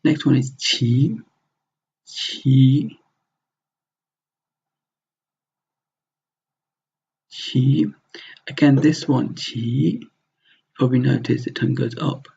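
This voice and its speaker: A man's voice: medium pitch, steady tone, normal speed, creaky, mellow, husky. A man teaching a recorded slide lesson, explaining step by step and repeating words to model their pronunciation. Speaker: language teacher. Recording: dull lo-fi sound.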